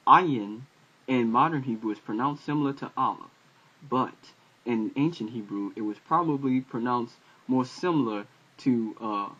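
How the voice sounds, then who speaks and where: A man giving a casual recorded lesson, explaining letters slowly with many fillers and repeated sounds. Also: mid-range voice, a bit bright. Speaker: language teacher. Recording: dull lo-fi home video audio.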